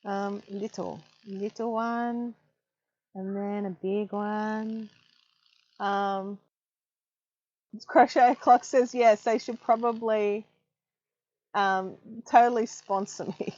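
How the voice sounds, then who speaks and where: A woman's voice: mid-range voice, steady tone, slow, long pauses, a little mellow, highs cut off. A woman hosting a casual craft live stream, chatting loosely and reading viewer comments aloud with frequent ums. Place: home craft room.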